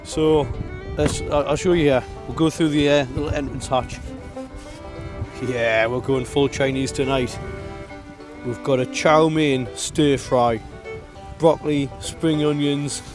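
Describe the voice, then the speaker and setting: A man's voice: medium pitch, fairly even intonation, a little slow, music in the background. A man teasing his friends cockily while showing his food on a camping vlog. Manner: cocky teasing. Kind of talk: casual vlog chat. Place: outdoors at a campsite.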